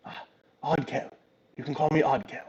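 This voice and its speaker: A man's voice: fairly high pitch, flat delivery, moderate pace, a little mellow, slightly rough, dull audio. Man voicing a boastful talking shield. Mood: eager. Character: talking shield, bold male battle-hungry.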